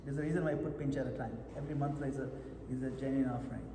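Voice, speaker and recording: A man's voice: mid-range voice, steady tone, racing, noisy background. A man leading a meditation retreat session, coaching his listeners and often checking that they follow. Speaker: japa retreat teacher. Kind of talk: meditation workshop instruction. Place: retreat hall. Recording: echoey hall with long reverb.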